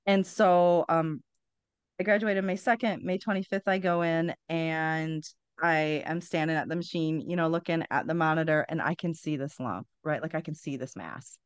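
A woman's voice: low-pitched, normal speed, clear, resonant tone, dry recording. A woman in her forties, a podcast guest, telling a candid personal story bluntly, with wry humor and frequent swearing.

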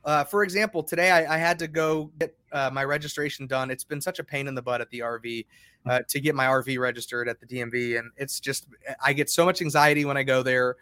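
A man's voice: mid-range voice, fairly even intonation, quick pace, sharp tone, clear, resonant tone, no room sound. A middle-aged man hosting a casual faith podcast, rambling and repeating words as he thinks aloud. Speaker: podcast host.

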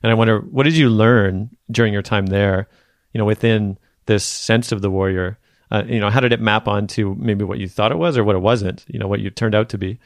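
Male podcast host, low voice, thoughtful, dry close sound. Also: steady tone, a little fast, dry recording. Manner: reflective, thoughtful, searching for words. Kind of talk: interview questions.

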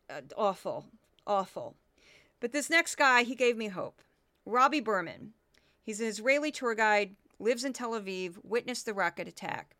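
A woman hosting her podcast in earnest, animated commentary on the news. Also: a little high, clear, resonant tone, dry recording. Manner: earnest, animated, talks with emphasis. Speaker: podcast host. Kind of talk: casual commentary.

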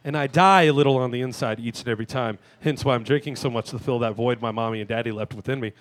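A man in his thirties hosting a live talk show, delivering a crude, self-mocking comic monologue with sudden shouted rants. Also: medium pitch, fast. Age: 30s. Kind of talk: stand-up style monologue. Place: live venue stage.

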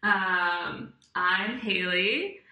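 Slow-talking bright woman, echoey room. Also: mid-range voice. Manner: giggly, slow and teasing. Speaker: podcast co-host. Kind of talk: casual chat. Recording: echoey room through a computer mic, faint noise.

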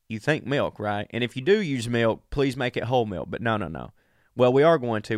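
Man, middle pitch, chatty and profane, sick, dry booth sound. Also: no echo. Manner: profane, chatty, talks straight to listeners. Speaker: podcast host. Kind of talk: casual monologue.

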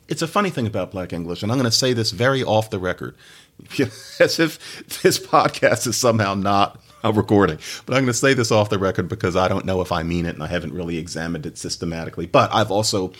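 A man's voice: deep voice, quick pace, fairly bright tone. A man hosting a podcast, giving a casual solo talk on language with chatty, laughing asides. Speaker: podcast host, linguist.

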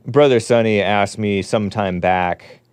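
A man's voice: on the low side, a little slow, clean tone, dry recording. Rambling, opinionated male show host. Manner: rambling, mocking opinionated commentary. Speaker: podcast host. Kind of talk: casual call-in and monologue.

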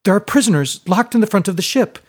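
A woman's voice: medium pitch, lively intonation, fast, voice pushed up, lightly acted. A man voicing a determined young woman in a storybook reading, speaking in an urgent, commanding way. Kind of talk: audiobook character voice.

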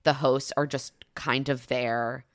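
Woman, low pitch, relaxed conversational co-host, dry close recording. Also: slow pace, no echo. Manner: relaxed, conversational, sums up and steers the talk. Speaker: podcast co-host. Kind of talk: casual chat about a TV show.

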